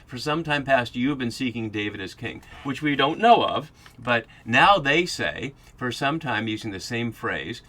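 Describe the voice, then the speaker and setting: A man's voice: mid-range voice, expressive, measured pace, few pauses, bright, forceful tone. A man hosting a podcast, giving a Bible study lecture that explains passages and thinks aloud as he goes. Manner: thinking aloud with fillers and restarts.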